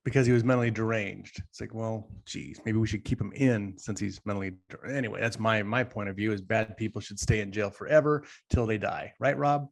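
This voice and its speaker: A man's voice: on the low side, fairly quick, vocal fry, few pauses. A man co-hosting a podcast, talking emphatically and at length, often turning to address the listeners directly. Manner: emphatic, rambling, talks straight to the audience. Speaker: podcast co-host. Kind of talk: casual podcast discussion.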